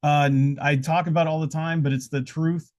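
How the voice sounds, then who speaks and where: The podcast host here has a slightly high, darkish voice and a flat, brisk delivery. On his casual live show, held indoors with noise around, he rambles in motivational stretches, often restarting and saying "uh."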